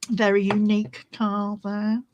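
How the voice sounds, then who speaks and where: A woman's voice: mid-range voice, a little mellow, highs cut off, slight background noise. A woman hosting a crafting vlog, chatting casually and easily distracted while she shows her resin swatches. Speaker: crafting channel host.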